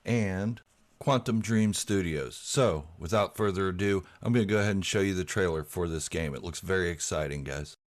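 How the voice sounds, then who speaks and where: A man's voice: deep voice, normal speed. An American man hosting a casual live stream, chatting loosely and greeting viewers by name. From United States.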